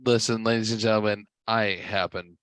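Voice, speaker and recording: A man hosting a podcast who tells stories in a rambling, foul-mouthed way, a bit tipsy from drinking, his voice jumping high when he gets excited. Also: a little fast, smooth, no room sound. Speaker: podcast host. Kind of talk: casual storytelling.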